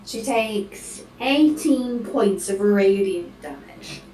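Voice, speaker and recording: A woman playing a tabletop game, speaking hesitantly and pausing to think. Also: mid-range voice, expressive, darkish tone, roomy sound, distant mic, a little hiss or hum, low-quality recording. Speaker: player.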